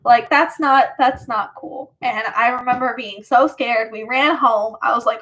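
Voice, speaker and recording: A woman's voice: on the high side, unhurried, few pauses, a bit bright. A woman livestreamer telling stories in casual chat, rambling with many fillers and laughs.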